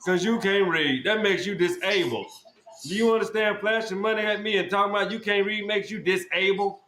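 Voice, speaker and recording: A man hosting a podcast who berates his guest in a loud, repetitive, profane rant. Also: sits high, a little fast. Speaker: podcast host. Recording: echoey room with faint noise.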